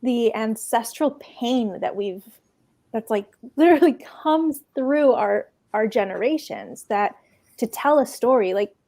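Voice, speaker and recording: A woman speaking as a panelist in a discussion, earnest and halting, often restarting her sentences. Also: a little high, animated, dark tone.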